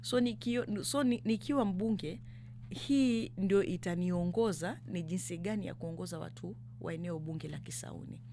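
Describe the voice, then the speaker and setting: A woman's voice: lowish voice, normal speed, slight background noise. A Kenyan woman from the coast speaking as a political candidate in an interview. She talks emphatically, fires off rhetorical questions and switches between English and Swahili. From Kenya, Mombasa. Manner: grows louder and more fired up. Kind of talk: impassioned political interview talk.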